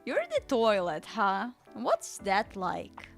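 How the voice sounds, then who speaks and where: Slow-talking amused woman streamer. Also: medium pitch, huge pitch swings, creaky, faint music behind. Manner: amused, giggly. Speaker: streamer playing a game. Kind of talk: casual commentary.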